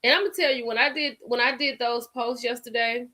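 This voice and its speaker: A woman hosting a casual live stream, reacting to viewer comments in an animated way. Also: on the high side, fairly quick. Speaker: livestream host.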